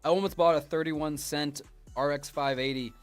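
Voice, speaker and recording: A man's voice: a little high, fairly even intonation, moderate pace, smooth, no room sound, faint music behind. A young man co-hosting a casual live stream, bantering playfully with his partner. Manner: playful banter, mock offense. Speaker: stream co-host.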